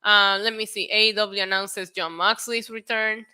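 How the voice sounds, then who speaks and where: A woman with a New York accent hosts a loose wrestling news stream and reads viewer comments as she goes. Her voice is bright and forceful, at a middle pitch. She swears casually and often breaks into laughter. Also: fairly even intonation, normal speed, clean tone. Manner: chatty, swears freely, laughs often, reads chat aloud. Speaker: wrestling talk show host. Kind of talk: casual livestream chat reading news and chat.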